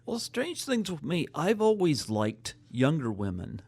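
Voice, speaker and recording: A man with a Canadian accent hosting a casual interview, talking in a halting, stop-start way with many fillers. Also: a little high, huge pitch swings, a little mellow, breathy edge. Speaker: podcast host.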